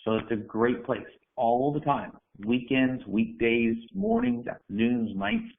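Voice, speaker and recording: A man's voice: mid-range voice, expressive, measured pace, gravelly. A man giving direct, coaching real estate training, firing off rhetorical questions. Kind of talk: instructional talk to camera. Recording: phone-like narrow sound.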